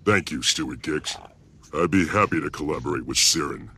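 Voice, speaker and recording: A man's voice: rumbling low, moderate pace, sharp tone, slightly rough, full character voice. An actor playing a courteous, agreeable male research partner.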